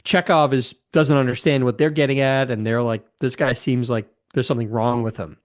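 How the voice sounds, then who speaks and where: A man's voice: mid-range voice, steady tone, a little fast. A man in his fifties co-hosting a casual film discussion, retelling scenes with enthusiasm, rambling and restarting his sentences. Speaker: podcast co-host.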